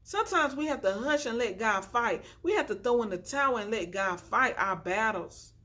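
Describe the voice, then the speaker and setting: A young adult woman with a slightly high, sharp voice talks animatedly at a moderate pace. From the floor at home, she vlogs into a tripod-mounted phone with a ring light, chatty and preachy in her inspirational encouragement and forever saying "y'all."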